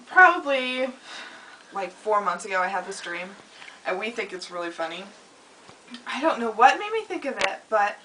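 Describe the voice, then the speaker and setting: Giggly young woman telling stories, high bright voice. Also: distant mic, slight background noise, low-quality recording. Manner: giggly storytelling, acts out quoted lines loudly. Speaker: vlogger. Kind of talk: casual chat.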